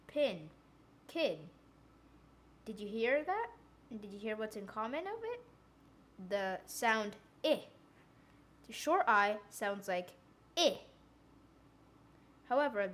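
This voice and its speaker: A woman's voice: fairly high pitch, fairly bright tone, slight background noise. A young woman teaching a phonics lesson, saying example words one by one and asking the listener questions. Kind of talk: slow scripted phonics lesson.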